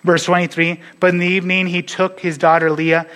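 A pastor preaching a sermon to his church, earnest and sometimes dropping to a hush on key points. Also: sits high, little pitch movement, fairly quick.

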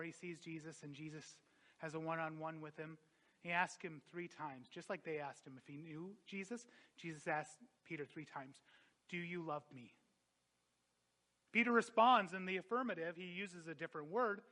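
An impassioned male pastor preaching a sermon in a high, bright, forceful voice. He swings between loud, emphatic peaks and hushed, reflective moments.

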